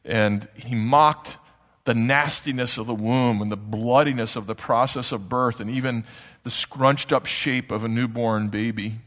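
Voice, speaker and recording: In a church hall with long, ringing reverb, a preacher gives a sermon, explaining things conversationally and tossing in casual asides to his listeners. His mid-pitched voice is steady and fairly bright, and he speaks a little slowly.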